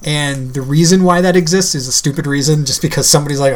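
Podcast co-host, casual chat, middle pitch, rambling and giggly. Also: fast, few pauses. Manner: rambling, laughs often, fillers.

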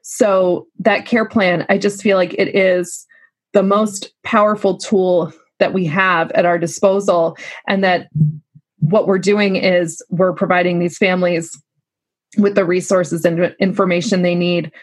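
Lactation consultant lady chatting, kinda breathy husky voice, dry close sound. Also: lowish voice, flat delivery, a little slow, no echo. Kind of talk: casual podcast conversation.

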